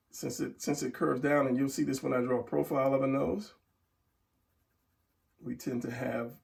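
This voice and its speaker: A man's voice: mid-range voice, gravelly, far from the mic. A middle-aged man teaching a casual drawing tutorial, talking while he draws and trailing off into murmurs. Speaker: drawing instructor.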